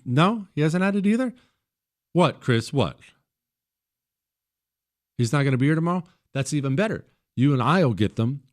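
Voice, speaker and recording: A man hosting a talk radio show, teasing his producer and riffing on news headlines in a joking, casual way. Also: a little high.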